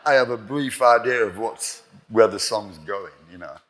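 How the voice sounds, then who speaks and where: Older man telling lively studio stories. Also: on the low side, normal speed. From England. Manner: animated anecdotes, acting out quoted exchanges, swears freely. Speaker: guest musician. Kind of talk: storytelling in a live interview.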